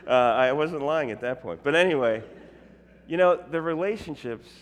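A middle-aged male preacher telling funny stories in a sermon, animated and self-interrupting, often laughing at his own stories. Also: a little high, normal speed. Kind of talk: humorous sermon storytelling. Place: church sanctuary. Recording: long hall reverb in a church.

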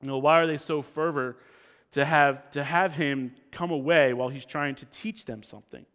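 A man preaching an expository sermon, animated, acting out the crowd's lines and dropping low and slow for quotes. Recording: long reverb of a hall.

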